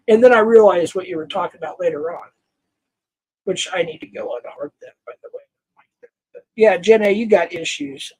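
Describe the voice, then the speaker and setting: A man's voice: high voice, poor audio. Heated older man scolding his stream chat. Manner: heated, scolding, halting restarts. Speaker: livestream host. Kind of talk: angry livestream rant to chat.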